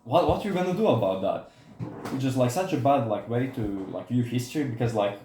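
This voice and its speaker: Chill young guy on a podcast, says like a lot, mellow voice, echo in the room. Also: mid-range voice, lively intonation, fairly quick, slight background noise. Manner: rambling, heavy use of "like" fillers. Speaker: podcast co-host. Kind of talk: casual podcast chat. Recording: roomy echo.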